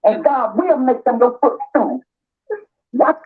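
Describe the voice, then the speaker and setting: A woman's voice: a little high, expressive, slow, breathy edge. An older woman calling in, talking about God and prayer in a preachy, encouraging way. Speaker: caller. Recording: tinny phone line.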